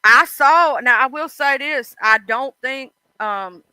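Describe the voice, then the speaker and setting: A woman's voice: high voice, takes it slowly, sharp tone, clean tone, no echo, rough recording. A woman hosting a casual livestream, chatting bluntly about online drama and swearing freely. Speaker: livestream host.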